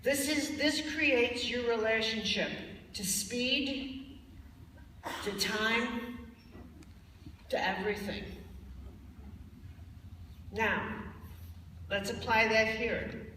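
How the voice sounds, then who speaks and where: A woman lectures a live audience, blunt and emphatic, and now and then she mocks the tones of voice people use. Her voice is bright and forceful. It is caught from a distance in a large hall with long reverb. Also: fairly high pitch, extremely slow, pauses often, a little hiss or hum. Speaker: spiritual speaker. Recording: echoey hall from far off.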